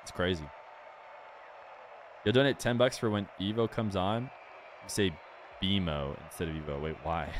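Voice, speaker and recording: A young man streaming a game and chatting casually with his viewers in a relaxed, rambling way. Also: low-pitched, moderate pace, pauses often, background noise. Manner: relaxed, rambling, talks straight to chat. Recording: music playing clearly behind the voice.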